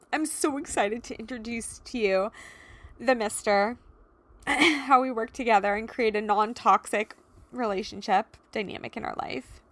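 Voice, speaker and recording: Recorded dry, a slightly high-pitched woman in her thirties delivers heartfelt solo podcast talk as a host and life coach. She's emotional, earnest and encouraging, leaning heavily on "you know"s and "like"s.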